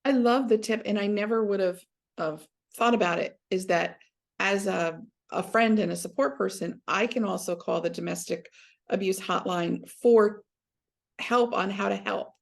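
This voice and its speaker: A woman's voice: mid-range voice, normal speed, vocal fry. A woman hosting an interview, affirming and encouraging her guest. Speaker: podcast host, energy healer.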